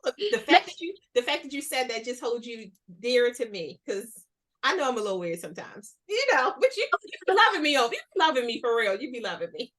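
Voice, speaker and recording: A woman in her thirties hosting a podcast, chatting casually with a friend in a playful, expressive way with plenty of laughs. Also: on the high side, brisk. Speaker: podcast host. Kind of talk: casual chat between friends.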